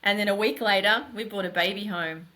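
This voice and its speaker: Bright-voiced woman telling her story. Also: medium pitch, fairly quick. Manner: animated, emphatic, runs thoughts together. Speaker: podcast guest. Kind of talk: candid storytelling.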